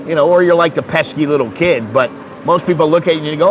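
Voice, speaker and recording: A man's voice: on the high side, fast, lo-fi sound, slight background noise. A man in his sixties from the United States, rambling bluntly and with some swearing in a casual livestream chat. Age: 60s. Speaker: streamer.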